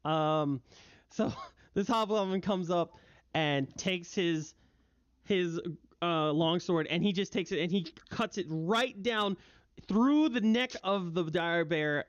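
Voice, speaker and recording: A man's voice: high voice, takes it slowly, no echo. A young man narrating a tabletop game as game master, vivid and full of fillers, on a voice call. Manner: vivid, filler-heavy narration with bursts of excitement. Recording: dull, dry lo-fi mic.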